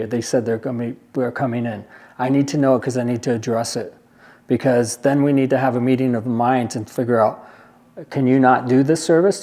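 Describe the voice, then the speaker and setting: A man with a medium-pitched, somewhat dark voice presents at a care agency meeting. His briefing is informal and plainly spoken, and he repeats his points and asks the room for questions in a conversational way.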